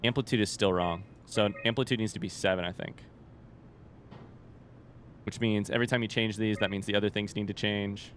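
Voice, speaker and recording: A man's voice: on the low side, fairly even intonation, fairly quick, pauses often, slight background noise. A man giving casual, unscripted commentary on a horror video game he is playing for the first time, rambling, jokey and swearing. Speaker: let's-play gamer.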